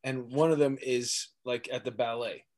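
A man who is a comedian, talking casually as a podcast guest with halting, self-deprecating jokes. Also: mid-range voice, steady tone, a little mellow. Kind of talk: casual chat.

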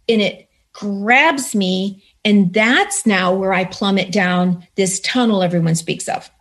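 Woman guest, somewhat high-pitched, earnest and animated as she tells her story. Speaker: interview guest. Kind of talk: personal story told in conversation.

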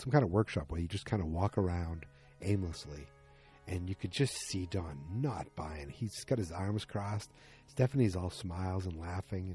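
A man's voice: low voice, mellow. A man casually recapping a TV episode, rambling loosely with lots of fillers and quoted lines.

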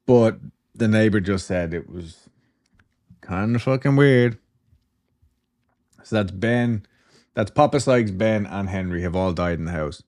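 A man's voice: lowish voice, a little slow, long pauses, darkish tone. A man hosting a podcast, telling a story in a loose, chatty way, with swearing and asides. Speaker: podcast host. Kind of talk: casual storytelling chat.

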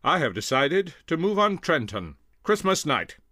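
A man's voice: on the high side, big pitch swings, measured pace, bright, forceful tone, pitched above the performer's own voice, exaggerated voice. A man voicing an intense commanding general who speaks firmly and curtly. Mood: resolute. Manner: firm, curt.

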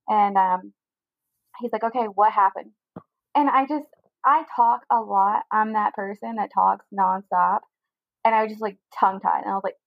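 A young woman telling a personal story in a casual interview, talking quickly with lots of "like" fillers. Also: medium pitch, fairly even intonation, dry recording, phone-quality sound. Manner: fast chatty storytelling with many "like" fillers. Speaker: guest telling her story.

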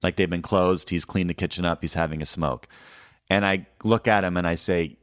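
Deep-voiced man, deadpan storyteller. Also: normal speed, clear, resonant tone, dry recording, clean studio sound. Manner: deadpan, conversational, self-mocking. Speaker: comedian. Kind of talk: personal storytelling.

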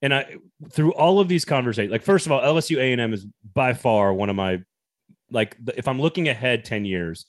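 A man co-hosting a sports podcast, relaxed and reflective in casual chat. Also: mid-range voice, fairly quick, no echo, studio quality. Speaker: podcast co-host.

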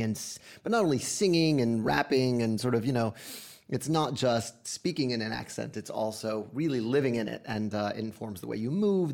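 A man, a guest at a brunch in a home kitchen, telling stories in an animated way. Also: medium pitch, creaky. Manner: animated storyteller. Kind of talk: casual chat over brunch. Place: house kitchen.

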